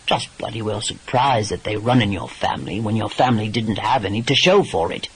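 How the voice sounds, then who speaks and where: A man voicing a gruff, exasperated English lord and former pirate, with a dry and teasing English manner in an audiobook. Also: on the low side, expressive, a little fast, voice pushed down, poor audio. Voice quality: dry, exasperated, swears mildly.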